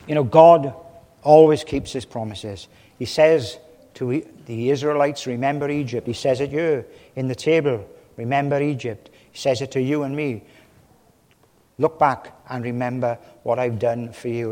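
A man preaching a sermon from a church pulpit, impassioned, with his voice swelling loud and then dropping low. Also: unhurried. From Wales. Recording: long reverb of a large hall.

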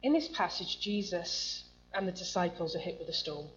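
A woman's voice: on the low side, lively intonation, normal speed. A woman preaching a sermon to a congregation, reading scripture and asking the room questions in a conversational way. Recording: muffled lo-fi recording with faint hum.

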